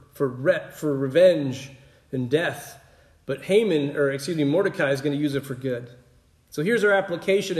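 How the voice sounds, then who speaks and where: A man's voice: fairly high pitch, echoey room. A man preaching a sermon in a conversational way, often checking in with his listeners. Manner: conversational, keeps asking "right?".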